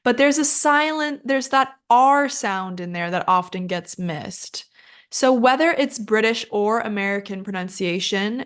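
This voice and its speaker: An unhurried young woman giving a relaxed pronunciation lesson, chatty and quick to laugh at her own mistakes. Her voice sits at an ordinary middle pitch, and she takes her time over every word. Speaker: English teacher. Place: room with air conditioner running.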